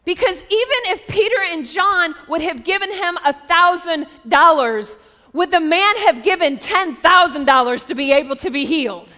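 A woman in her forties preaching a sermon, telling a story in a conversational, lively way with asides. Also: very high-pitched, moderate pace. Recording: long reverb of a large hall.

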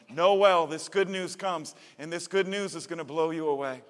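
A man's voice: fairly high pitch, normal speed, long reverb tail. A man preaching a sermon as pastor, speaking in an earnest, conversational way that repeats phrases for emphasis.

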